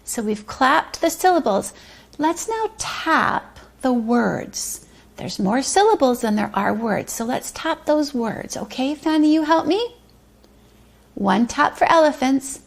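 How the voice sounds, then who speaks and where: A woman leads a preschool circle time and stretches her words out in an unhurried, sing-song delivery. Her voice sits high and carries a gravelly, fry-touched edge. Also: expressive. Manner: slow, sing-song, drawn-out words for small children. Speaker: preschool teacher. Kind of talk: pre-K circle time lesson.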